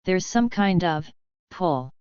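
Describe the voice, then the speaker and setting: A woman reading a steady young gang captain. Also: lowish voice, slow pace, clean tone, no echo, dull audio. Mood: serious.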